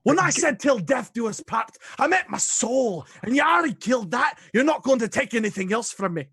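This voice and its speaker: A man's voice: very high-pitched, expressive, a little fast, gravelly, fairly bright tone, breathy edge, exaggerated voice. A man voicing a furious, bitter dwarf wife with a put-on Scottish accent in a tabletop game. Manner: bitter, snapping, scolding. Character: furious grieving dwarf wife, older woman.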